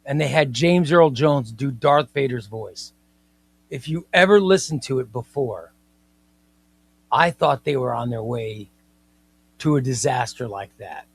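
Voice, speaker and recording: A man's voice: mid-range voice, measured pace, pauses often, husky. A man hosting a casual comics livestream, talking emphatically, repeating his points and reading viewer comments aloud.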